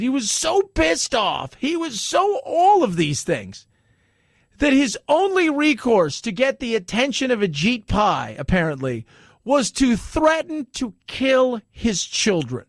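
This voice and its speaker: Speaking a little slowly in an extremely high pitch, a male talk radio host pokes fun at the news, lively and mocking, with sudden exaggerated quoted voices. No echo; studio quality.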